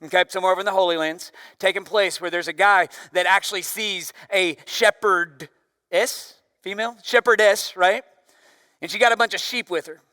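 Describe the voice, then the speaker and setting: A man preaching a sermon as pastor, with a loud voice that swings from forceful emphasis down to near-whispers. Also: sits high, moderate pace, no echo, clean studio sound, long reverb tail.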